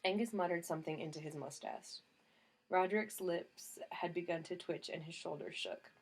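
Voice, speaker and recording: A woman reads a novel aloud in first person, with a wry, dry storytelling manner. Her voice sits a little low for a woman. The delivery is steady, scripted narration. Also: moderate pace, gravelly. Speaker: audiobook narrator.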